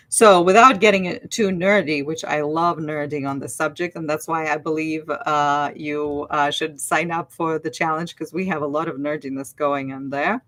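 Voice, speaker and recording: Woman coach, low voice, chatty livestream delivery, many fillers and restarts, models phrases aloud. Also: a bit bright. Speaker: online language teacher and accent coach. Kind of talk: casual livestream talk.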